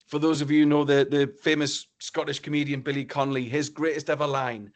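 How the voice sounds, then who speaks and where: Animated storytelling male keynote speaker. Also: a little high, a little fast, few pauses. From northeast England. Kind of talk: motivational storytelling talk.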